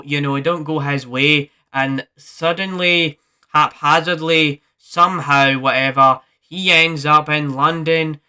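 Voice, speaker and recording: A man's voice: on the high side, pushed and bright, clean tone. A man hosting his own movie review video, talking in a casual, rambling way with many fillers and restarts.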